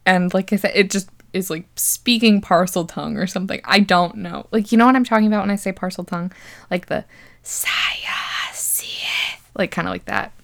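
A woman's voice: on the low side, vocal fry. A young woman hosting a podcast, casually recapping a movie with sarcasm, frequent laughter and plenty of swearing. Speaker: podcast host.

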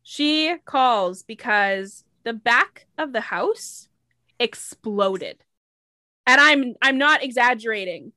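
A woman with a bright, high voice recounts a case in casual podcast chat. She is blunt and profane, and she jumps into the voices of the callers. The sound is dry and close. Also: animated, slow, dry recording. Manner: blunt storyteller, acts out calls with cursing. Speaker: podcast co-host. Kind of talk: casual true-crime chat.

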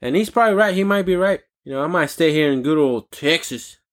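A man's voice: on the high side, lively intonation, fast. A man with a non-native English accent hosting a casual venting podcast, talking bluntly with profane, rambling asides. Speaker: podcast host.

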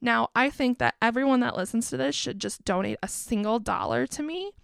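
A young woman hosting a casual podcast monologue, candid and foul-mouthed, often laughing at herself. Her voice has a gravelly edge but stays smooth and clear. It is recorded close and dry. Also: a little high, fairly quick, dry recording. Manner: candid, swearing, self-deprecating with frequent laughs. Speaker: podcast host.

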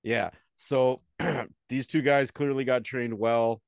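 A man's voice: mid-range voice, fairly even intonation, slow pace, gravelly, clean tone, no room sound. Male co-host, rambling casual chat, dry close recording. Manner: rambling, with frequent fillers and restarts.

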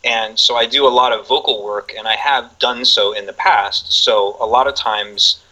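A husky man in his forties talks as a guest in a relaxed chat. His voice is bright and forceful, and he rambles along with lots of fillers and laughter. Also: mid-range voice, moderate pace, poor audio. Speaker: podcast guest. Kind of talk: casual chat.

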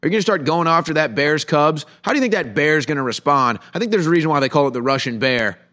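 A man's voice: fairly high pitch, lively intonation, quick pace, pushed and bright. A middle-aged man hosting a heated political commentary show, sarcastic and full of rhetorical questions.

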